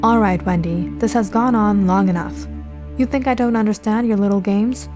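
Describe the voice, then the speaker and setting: A woman's voice: mid-range voice, normal speed, lightly acted. Woman doing a stern scolding mother. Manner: scolding, firm. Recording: loud music behind. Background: music.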